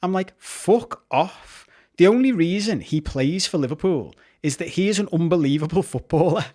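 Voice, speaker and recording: A man with a fairly high voice co-hosts a casual football podcast. He talks with heated passion, swears freely and often restarts his sentences mid-thought. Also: animated, fairly quick, darkish tone. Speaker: podcast co-host.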